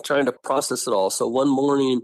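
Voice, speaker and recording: A middle-aged man tells his family story in a close, dry recording. He talks animatedly and keeps voicing what relatives said, with his pitch jumping high for their lines. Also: steady tone, brisk, no echo. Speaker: guest telling his story. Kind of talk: personal storytelling interview.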